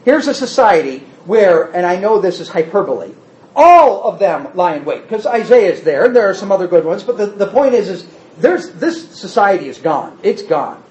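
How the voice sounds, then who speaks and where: A man's voice: high-pitched, big pitch swings, moderate pace, a little mellow. A man teaching a Bible study class, asking the group rhetorical questions. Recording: roomy, slightly dull recording.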